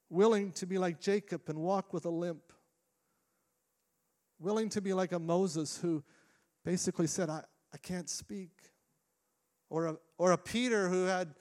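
A middle-aged man, a lead pastor, preaching a sermon in a church with earnest delivery, restarting phrases and shifting between quick and slow phrasing. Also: sits high, darkish tone. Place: church sanctuary.

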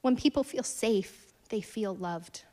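Speaking slowly in a mid-range voice, a woman in her thirties gives a sermon built around storytelling. She's earnest throughout, moving from emphatic declarations to softly hushed lines.

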